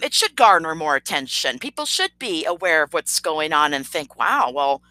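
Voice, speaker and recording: A woman rants on her livestream with a bright, edgy voice, full of sarcasm and indignation. She hesitates often with "um" and "you know." The recording is dry and close. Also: medium pitch, dry recording, poor audio. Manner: sarcastic and indignant, with frequent fillers. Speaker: channel host. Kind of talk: livestream commentary rant.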